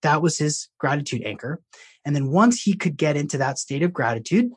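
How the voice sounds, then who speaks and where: Guy coach chatting through a client story, husky breathy voice, lots of ums and restarts. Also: fairly high pitch, sing-song, fairly quick. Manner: conversational, with frequent fillers and restarts; swears casually when quoting. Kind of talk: storytelling, explaining a technique.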